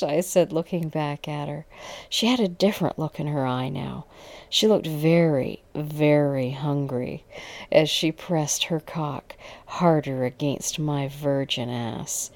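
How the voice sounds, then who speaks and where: A woman's voice: sits low, takes it slowly, darkish tone, dry recording. A woman narrating an erotic audio story in the first person, intimate and at times dropping to a whisper.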